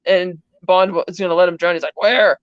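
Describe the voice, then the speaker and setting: A podcast co-host with a medium-pitched, clear, resonant voice talks quickly in a level tone, recapping a film scene by scene. The retelling is chatty and rambling, full of "he's like" quotes, and the audio has no echo but its highs are cut off.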